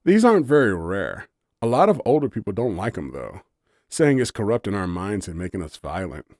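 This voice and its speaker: A man's voice: on the low side, big pitch swings, fairly quick, darkish tone, dry recording, studio quality. A man voicing a grumpy, sarcastic young human woman in an audiobook story, blunt and exasperated. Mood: explaining.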